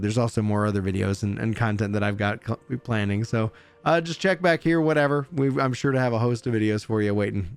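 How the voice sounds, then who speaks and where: A man's voice: fairly low pitch, clear, resonant tone, no echo. A man who makes gaming videos, reading a developer update aloud and then chatting casually about it. He stumbles and restarts often and jokes at his own slips. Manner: reads haltingly with slips and restarts, chatty and self-deprecating. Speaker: gaming YouTuber.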